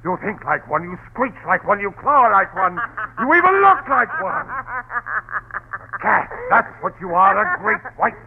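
A man's voice: high voice, big pitch swings, a little slow, breathy edge, exaggerated voice. An actor playing a desperate husband losing his nerve, stammering and crying out, in a 1940s radio play on a tinny old recording. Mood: taunting. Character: desperate husband unravelling with horror.

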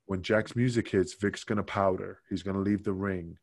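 A man spins a backstage story in a casual, animated way, jumping into other people's voices and cursing as he quotes them. His voice sits on the low side. The sound is dry and close. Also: moderate pace, no echo. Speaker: podcast guest.

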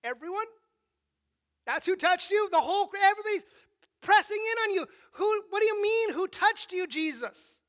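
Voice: extremely high pitch, animated, normal speed, fairly bright tone, voice pushed up. A preacher doing an incredulous male disciple. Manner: incredulous, raised and rising.

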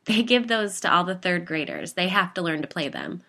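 An eager, excitable woman neighbor who hunts cryptids, put on by a woman reading aloud. She explains her gadgets in a rush, a touch higher and louder than the narration, with a bright, forceful edge. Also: creaky, heavily acted. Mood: knowing. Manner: eager, conspiratorial, quick when explaining.

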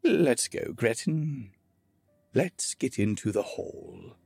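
A man voicing a bitter old male dwarf grandfather who talks stern and hissing, with a husky voice in a storybook reading. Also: medium pitch, very animated, slow pace, darkish tone, no echo, soft background music, heavily acted. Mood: curt.

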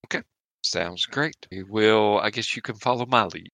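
A man's voice: fairly low pitch, moderate pace, sharp tone, no room sound. A man playing a tabletop game, talking in a laid-back, wry way. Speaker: player.

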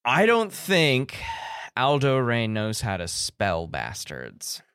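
A man's voice: medium pitch, wildly swooping pitch, takes it slowly, fairly bright tone, clean tone, no echo, clean studio sound. Man chatting casually about a film. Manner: rambling, restarts often. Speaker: podcast co-host. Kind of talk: casual movie discussion.

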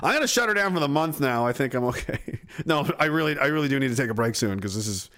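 A man's voice: mid-range voice, lively intonation, quick pace. A man hosting a livestream, reading chat and ranting heatedly with lots of swearing. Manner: profane, heated, swings from yelling to groaning.

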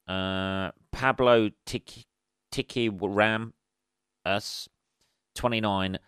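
A man's voice: on the low side, a bit bright, smooth, no echo, clean studio sound. A man hosting a solo comedy podcast. He rambles through sweary, wry asides with plenty of ums. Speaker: podcast host. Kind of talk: solo comic podcast monologue.

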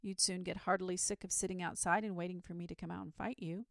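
A courteous, self-satisfied storybook dragon who would rather chat than fight, as a woman reading aloud puts him on. The voice is low-pitched and gravelly, with prim, old-fashioned politeness and a touch of fussiness. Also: fairly even intonation, fast, no echo, studio quality. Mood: confident. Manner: genteel, self-assured, mildly fussy. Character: polite, fussy, lazy male dragon.

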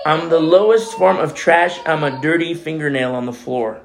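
Male co-pastor, conversational sermon, gravelly and fairly high voice. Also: moderate pace, noisy background. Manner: conversational preaching with many asides.

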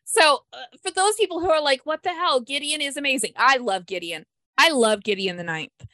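A woman's voice: high voice, expressive, brisk, sharp tone, dry recording. A woman hosting a book club podcast, chatting enthusiastically with lots of fillers. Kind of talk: casual book discussion.

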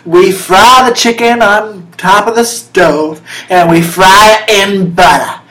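A woman's voice: mid-range voice, slow, a bit bright, voice pushed up. A woman doing a comedy impression of a brash older Southern woman TV cook, talking in a folksy, bossy drawl. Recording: roomy echoey room.

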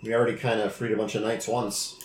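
A man's voice: lowish voice, level tone, fast, slight background noise. A man playing a tabletop game, talking hesitantly with restarts. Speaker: player. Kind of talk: casual chat over a tabletop game. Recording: roomy recording with music behind.

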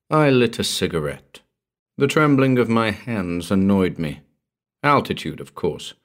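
A man reading a horror story aloud as narrator, in a measured, grave storytelling manner. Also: lowish voice, animated.

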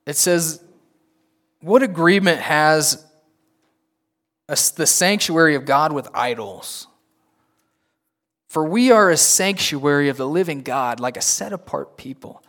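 Man, sermon, conversational preaching, frequent asides, slightly higher voice. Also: expressive, measured pace, long pauses, fairly bright tone. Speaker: pastor.

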